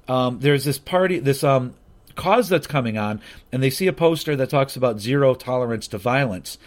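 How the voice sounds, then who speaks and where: Man, comic reviewer, loose rambling delivery, filler-heavy, mid-range voice. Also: mid-range voice. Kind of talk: casual comic book review.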